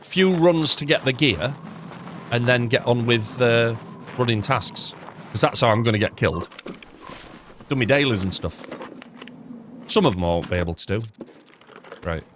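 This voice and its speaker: A man streams a shooter game live, thinking aloud as he plays. He chats with his viewers between moves, tossing in jokes and the odd swear word. His voice sits at an ordinary middle pitch over a faint bed of noise. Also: animated, normal speed, pauses often. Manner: rambling, thinking out loud, chatting to viewers; swears casually, jokey asides. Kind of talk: live gameplay commentary.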